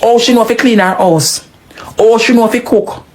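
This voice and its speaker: A woman with a Jamaican accent giving animated, scolding patois commentary, swinging her pitch up and down for emphasis. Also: normal speed. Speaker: social media commentator.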